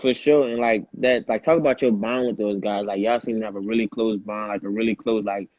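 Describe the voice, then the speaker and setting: A man's voice: fairly low pitch, fairly even intonation, a little fast, no room sound. A man interviewing a young athlete, asking questions casually and saying "like" and "for sure" a lot. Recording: dry, phone-like line.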